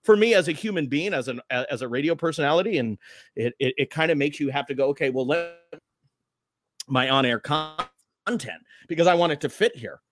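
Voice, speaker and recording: A man's voice: a little high, fast talker, no echo. A man who hosts morning radio, chatting loosely and rambling as he tells stories on a podcast. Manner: loose, rambling, animated storytelling. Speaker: morning radio host, guest. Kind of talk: casual podcast chat.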